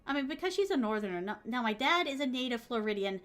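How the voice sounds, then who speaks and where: A woman's voice: a little high, lively intonation, quick pace, fairly bright tone. A woman streamer in a bubbly, gushing casual chat who reads out viewer messages and adds Japanese honorifics to names. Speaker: VTuber streamer.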